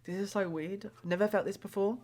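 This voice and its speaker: A woman's voice: medium pitch, steady tone, fairly quick, a little mellow, faint music behind. A young woman live-streaming a tarot reading in casual chat, rambling and hesitant with many filler words.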